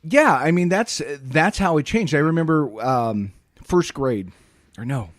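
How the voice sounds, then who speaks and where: A man's voice: a little high, expressive, unhurried, dry recording, studio quality. A middle-aged man co-hosting a casual chat show, telling rambling stories and acting out bits of dialogue. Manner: rambling storyteller, acts out voices. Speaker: podcast co-host.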